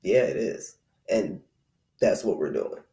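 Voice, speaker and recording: Man, 30s, spiritual vlogger, gravelly and a touch high, rambling reflective chat, echoey room. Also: expressive, slow pace, warm tone. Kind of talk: casual spiritual talk.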